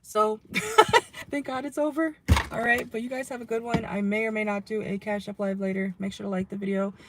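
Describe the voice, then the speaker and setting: A young adult tarot reader speaking in a voice that is going hoarse, recorded on a phone inside a car. The delivery is loose and chatty, full of asides, with a questioning "okay?" tacked onto most phrases. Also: medium pitch, flat delivery, quick pace, very noisy. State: losing voice, hoarse. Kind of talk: casual tarot reading to viewers.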